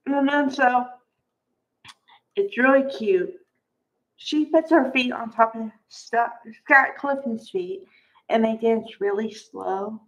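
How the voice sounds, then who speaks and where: Unhurried, gushing woman recapping a soap. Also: on the high side, lo-fi sound. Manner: gushing, chatty, peppered with "like". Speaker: soap opera recap vlogger. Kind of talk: casual chat.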